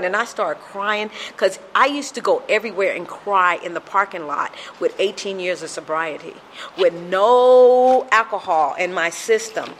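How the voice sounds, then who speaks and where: A woman's voice: medium pitch, a bit bright, a little hiss or hum. Woman sharing an emotional recovery story. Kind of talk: recovery meeting testimony.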